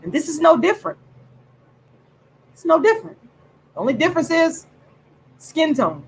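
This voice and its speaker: A woman angrily ranting straight to camera as host of her own channel, swearing and repeating herself with drawn-out, emphatic words. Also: very high voice, very animated, slight background noise, low-quality recording. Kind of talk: angry direct-to-camera rant.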